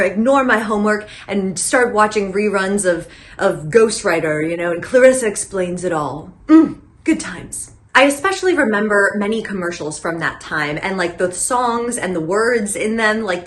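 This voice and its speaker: A young woman hosting a nostalgia vlog in a comedic monologue, rambling and animated, full of tangents and filler words. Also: mid-range voice. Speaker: host of a nostalgia channel.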